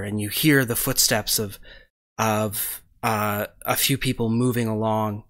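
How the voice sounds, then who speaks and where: A man running a tabletop game as game master, describing scenes in a measured way with frequent fillers. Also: fairly low pitch, steady tone, fairly bright tone.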